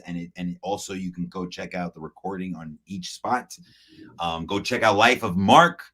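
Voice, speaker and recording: With a fairly low pitch and fairly bright tone, a man hosts a podcast in a loose, chatty style. His stories include impressions of those he quotes, and he laughs a lot.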